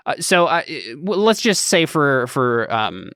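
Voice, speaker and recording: A young man game master, smooth and resonant in a dry close room, halting with plenty of ums as he rules on the rolls. his voice is rounded and steady at an even middle pitch. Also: dry recording. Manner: hesitant, full of ums and restarts. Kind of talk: running a tabletop game.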